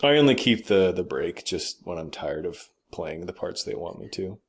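A man's voice: sits low, animated, normal speed, breathy edge. A man co-hosting a podcast, chatting casually about games and movies with blunt, opinionated remarks and casual swearing. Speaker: podcast co-host.

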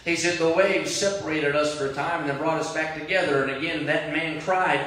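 A man preaching a sermon as pastor, moving between prayer and loud impassioned cries. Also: a little high, steady tone, brisk, hardly any pauses. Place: large church sanctuary. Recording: very echoey church from a distant mic.

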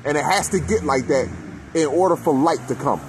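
Man, fairly high voice, fiery profane monologue to camera. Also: brisk, noisy background. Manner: profane, preachy, addresses his people. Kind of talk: impassioned conspiracy rant.

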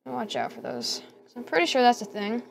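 Excitable young-sounding woman gamer, gravelly edge. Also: a little high, fairly quick. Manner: excitable, talks to herself, squeals at danger. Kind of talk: casual let's-play commentary.

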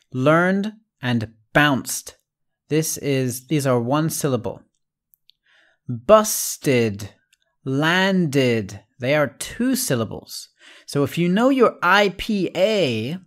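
A man teaching an English lesson who explains patiently, spells out letters, repeats example words and keeps checking in with "right?". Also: mid-range voice. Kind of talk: recorded online lesson.

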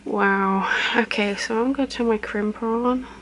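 A young woman in a whispered role-play, chatting softly and counting slowly as she does a friend's hair. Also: a little high, fairly even intonation, slight background noise, poor audio. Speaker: ASMR creator.

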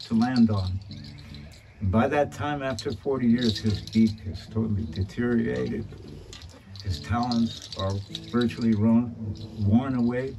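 A man telling a story in a relaxed, conversational way. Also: medium pitch, gravelly, rough recording. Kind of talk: oral storytelling. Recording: voice from afar over guitar music. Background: guitar music.

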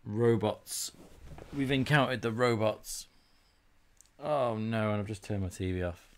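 A man's voice: lowish voice, measured pace. A man, streaming a video game and chatting in a joking way. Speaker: gaming streamer. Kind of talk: casual game commentary.

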